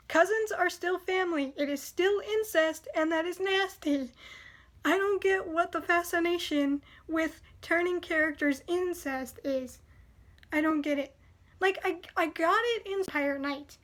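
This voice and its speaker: A woman's voice: extremely high pitch, normal speed, fairly bright tone. A woman reviewing anime in casual chat, blunt and opinionated, with lots of "like" fillers.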